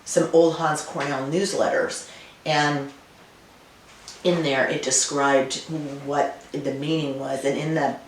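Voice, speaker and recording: A woman winemaker being interviewed, telling stories and remembering in a warm, conversational way. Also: deep voice, takes it slowly. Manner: warm storytelling, reminiscent. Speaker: winemaker guest. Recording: roomy, distant, faint noise.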